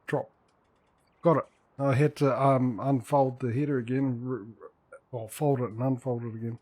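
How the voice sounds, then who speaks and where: A man's voice: medium pitch, flat delivery, a little slow, darkish tone. A man streaming a farming game, chatting casually and joking with his in-game workers. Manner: chatty, talks to in-game workers, dry jokes. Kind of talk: casual gameplay commentary.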